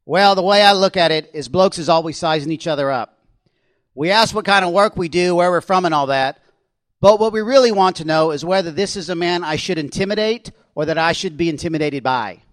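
A man voicing a brash, boastful Australian outdoorsman in a book reading. He speaks loudly and pushily, with an Australian accent. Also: a little high, fairly quick, no room sound, close to an everyday voice. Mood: cocky. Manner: boastful, needling, loud and pushy.

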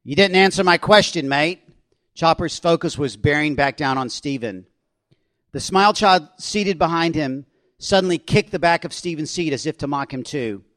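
Male novelist reading his own suspense novel, fairly high voice, steady and expressive, dry sound. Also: normal speed, no room sound.

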